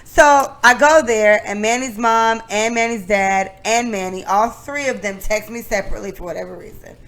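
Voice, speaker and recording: A young adult woman co-hosting a podcast, telling a long story in casual chat, animated and profane, often laughing. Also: medium pitch, moderate pace. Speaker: podcast co-host.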